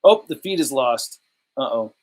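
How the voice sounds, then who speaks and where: A man's voice: mid-range voice, expressive, unhurried. A man hosting a casual live stream about toy collecting, rambling and joking, often laughing and repeating himself.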